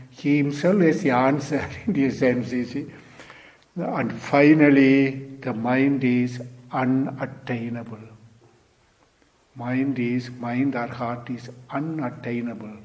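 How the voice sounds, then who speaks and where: Slow-speaking older teacher. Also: male voice, mid-range voice, darkish tone. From India. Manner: repeats key words, poses rhetorical questions to listeners. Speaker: Zen teacher. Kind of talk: Zen dharma talk.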